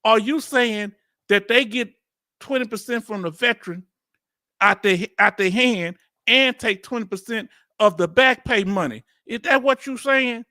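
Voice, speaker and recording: A man's voice: extremely high pitch, unhurried, pushed and bright, no room sound, studio quality. A man with a Southern accent hosting a reaction video, talking in casual slang, incredulous and laughing often. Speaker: video host reacting to a hearing.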